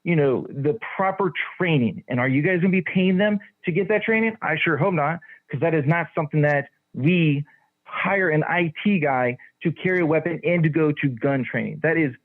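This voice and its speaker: A man's voice: fairly high pitch, normal speed. Guy calling in to complain at a county meeting, annoyed, lots of ums, sounds like a phone line. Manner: frustrated, complaining, hesitant fillers. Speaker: caller giving public comment. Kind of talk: public comment at a county meeting.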